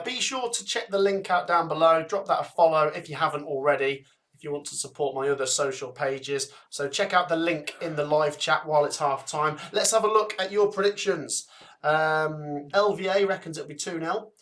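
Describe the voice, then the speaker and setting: A young man with a Coventry accent hosting a live football watchalong, chatting and reading viewer comments and predictions out briskly. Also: fairly high pitch, a bit bright. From England. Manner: chatty, reads out names and scores briskly.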